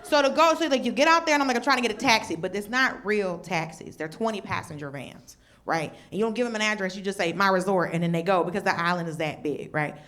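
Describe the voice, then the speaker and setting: A woman comedian doing a stand-up set, telling a story in an animated way and jumping into high voices when she plays other people. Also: fast talker. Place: stage before a laughing audience. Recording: live show with audience noise.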